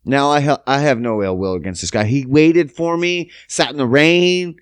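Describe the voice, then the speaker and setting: A young man hosting a casual podcast, telling a profane, animated story and acting out the quotes. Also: medium pitch, moderate pace, smooth, no room sound. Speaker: podcast host. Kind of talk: casual solo podcast rant.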